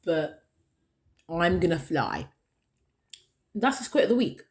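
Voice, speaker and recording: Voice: mid-range voice, very animated, slow. A podcast host talking alone, earnest and encouraging, who keeps repeating the key phrases to stress a point. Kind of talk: solo podcast monologue.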